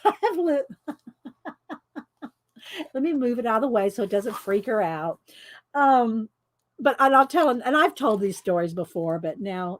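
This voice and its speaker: A middle-aged woman, chatting loudly and laughing often as she tells stories while coloring. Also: on the high side. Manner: chatty storyteller who laughs often and talks loud. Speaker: coloring video host. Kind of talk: casual chat while coloring.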